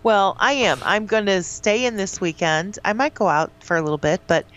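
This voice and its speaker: A woman's voice: mid-range voice, normal speed, fairly bright tone. A woman with a St. co-hosting casual morning radio, teasing dryly and laughing along. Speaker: radio show co-host.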